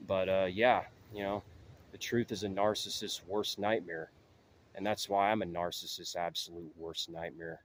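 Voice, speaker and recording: A man's voice: low-pitched, normal speed. A man talking to camera in a rambling monologue, filling his talk with "you know". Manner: heavy use of "you know" fillers. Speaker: vlogger.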